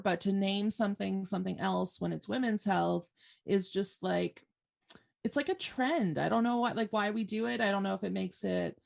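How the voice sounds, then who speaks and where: Gravelly-voiced woman podcast co-host. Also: medium pitch, darkish tone. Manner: supportive, hesitant, filler-heavy. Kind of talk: casual chat.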